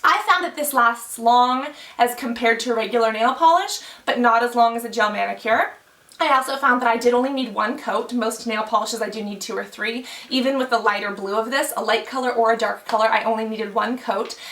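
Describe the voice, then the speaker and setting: A woman's voice: a little high, a little fast, fairly bright tone, echoey room, distant mic. A woman beauty vlogger talking casually to camera, chatty, thinking aloud with many fillers. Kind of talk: casual explainer talk to camera.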